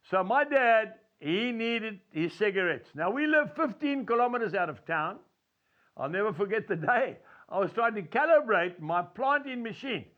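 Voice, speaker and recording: A man's voice: high voice, highs cut off. A man giving an earnest devotional talk, telling folksy stories with chuckles. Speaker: preacher.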